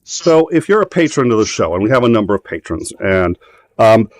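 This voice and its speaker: Male host, lowish voice, loose and profane, many ums, recorded dry and close. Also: very animated, fairly quick, no echo. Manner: rambling, profane storytelling with frequent fillers. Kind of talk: casual live-show chat.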